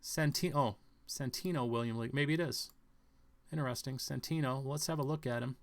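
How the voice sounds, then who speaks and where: A man giving a halting, speculative commentary on news stories, thinking aloud with many fillers and restarts. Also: mid-range voice.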